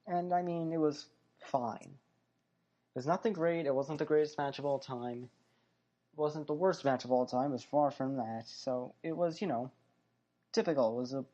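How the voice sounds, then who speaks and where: A man's voice: medium pitch, mellow, highs cut off. A man hosting a podcast, chatting casually through a fight recap in a rambling way, full of fillers and self-corrections. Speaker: podcast host. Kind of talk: solo wrestling and fight recap chat.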